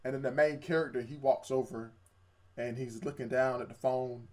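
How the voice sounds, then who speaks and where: A man's voice: mid-range voice, fairly even intonation, moderate pace, darkish tone. A young man in casual chat, retelling an anime episode with quoted voices and laughs. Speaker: co-host reviewing anime.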